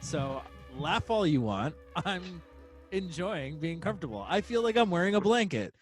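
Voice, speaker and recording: A man hosting a casual podcast chat over a remote call, animated, laughing often and using many fillers. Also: sits high, normal speed, faint music behind. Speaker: podcast host.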